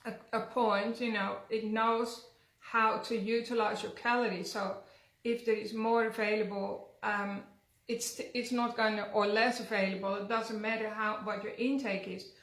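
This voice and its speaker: A woman's voice: mid-range voice, little pitch movement, moderate pace, fairly bright tone. Give me a woman in casual wellness talk, chatty and loose, recorded in a roomy space. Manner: chatty, uses fillers like "like" and "um". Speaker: wellness centre host. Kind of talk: casual health chat. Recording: echoey room.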